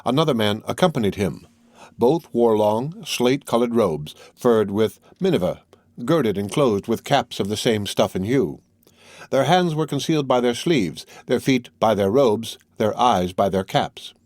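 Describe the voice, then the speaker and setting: A man reading a classic novel aloud as scripted narration, in a measured and even manner. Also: mid-range voice, no room sound, studio quality. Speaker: audiobook reader.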